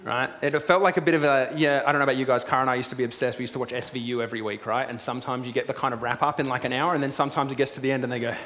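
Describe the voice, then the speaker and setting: A man preaching a sermon, retelling a story in a lively way and acting out what its figures say. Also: medium pitch, very fast, hardly any pauses. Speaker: pastor. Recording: long reverb with faint room noise.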